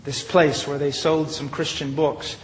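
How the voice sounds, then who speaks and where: A man preaching a sermon with dramatic storytelling, rising loud and then dropping to a hush. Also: on the high side, little pitch movement, measured pace. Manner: dramatic storytelling, swings between loud rises and hushed drops. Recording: long hall reverb, faint noise.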